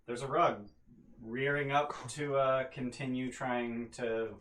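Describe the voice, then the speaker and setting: A man narrates a tabletop game as game master in a relaxed, loose way, pausing on fillers between descriptions. His voice sits mid-range and carries the echo of a roomy space. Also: mid-range voice, slight background noise.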